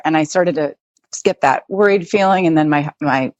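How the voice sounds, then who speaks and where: Brief: American woman guest, very low pitch, dry close sound, casual chatty storytelling. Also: moderate pace, no echo, highs cut off. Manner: chatty, with many likes and restarts. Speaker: interview guest.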